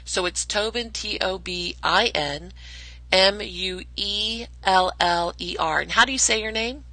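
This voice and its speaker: A woman's voice: mid-range voice, unhurried, sharp tone, no echo, poor audio. A woman hosting a casual podcast interview, enthusiastic and chatty, often restarting her sentences with fillers. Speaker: podcast host.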